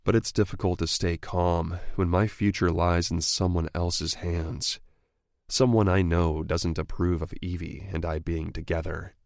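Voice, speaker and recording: A man narrating a romance audiobook in the first person with a steady, even reading. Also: deep voice, unhurried, creaky, no echo, studio quality.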